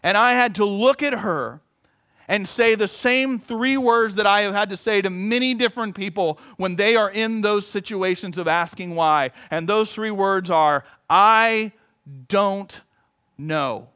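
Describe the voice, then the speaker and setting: A man preaching a sermon as pastor, telling a story in an earnest manner with long measured pauses. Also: high voice, fairly bright tone, clean tone.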